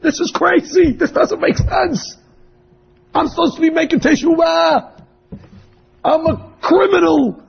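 A man voicing a frantic, guilt-stricken penitent who shouts his self-reproach in a raspy voice. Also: sits high, big pitch swings, measured pace, big-room sound, highs cut off, pitched above the performer's own voice, exaggerated voice. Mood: frantic, anguished. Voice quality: raspy, gravelly. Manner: shouting, anguished.

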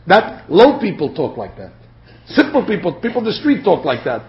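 A man's voice: high-pitched, fairly quick. A man teaching a Torah lecture to a class, acting out the quotes as he goes. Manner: animated, acts out quotes. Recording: dull lo-fi lecture recording.

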